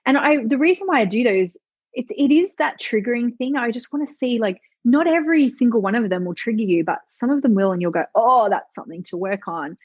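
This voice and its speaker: A woman's voice: on the high side, expressive, quick pace, no room sound. A middle-aged woman coach talking candidly as a podcast guest, swearing freely and acting out the thoughts of her clients. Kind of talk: casual interview chat. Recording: slightly dull lo-fi audio.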